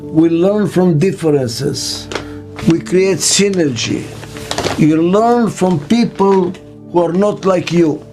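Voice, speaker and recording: An older business consultant speaks over music in a reflective interview, his high-pitched voice emphatic and deliberate. He leans on repeated key phrases and rhetorical questions.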